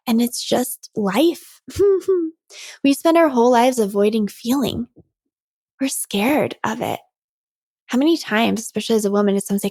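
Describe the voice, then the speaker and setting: A woman in her thirties hosts a solo podcast, speaking earnestly and with animation, often breaking into a laugh. Her voice has a gravelly fry at the ends of phrases. The recording is dry and close to the mic, with no room sound. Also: fairly high pitch, dry recording. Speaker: podcast host and coach. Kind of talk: reflective solo podcast talk.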